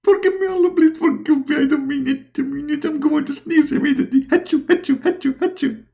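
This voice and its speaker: A man doing a shrill, frantic pleading prophet. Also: fast, creaky, a little mellow. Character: high, frantic, jealous male prophet begging forgiveness.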